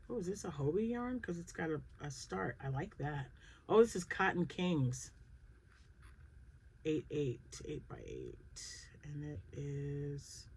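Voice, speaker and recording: A woman hosting a crochet channel, chatting casually and thinking aloud as she excitedly unboxes yarn. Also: deep voice, husky.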